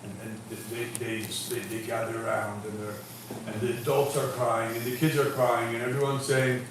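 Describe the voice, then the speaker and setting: A man spins a story in a loose livestream chat, animated and quick to laugh. His voice sits back from the mic in a very echoey room. A steady noise runs underneath. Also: mid-range voice, distant mic.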